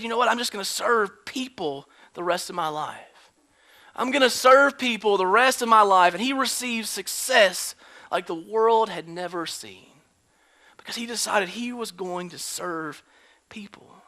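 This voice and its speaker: High bright-voiced male pastor preaching. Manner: dramatic swings from loud emphasis to hushed whispers; acts out quoted lines in character voices. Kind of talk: sermon. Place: church sanctuary.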